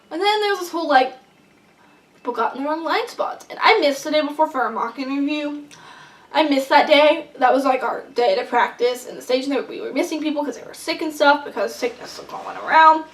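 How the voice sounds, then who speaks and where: A young woman vlogger telling a long story in casual chat, rambling and excitable with lots of fillers. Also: high voice. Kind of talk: casual storytelling while eating. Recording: echoey room, mic at a distance.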